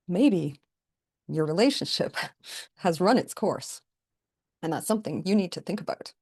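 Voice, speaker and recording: A woman's voice: fairly low pitch, a little mellow. A woman hosting a podcast, talking straight to listeners in a frank, coaching way as she gives relationship advice. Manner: frank, coaching, plain-spoken. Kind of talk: direct advice monologue.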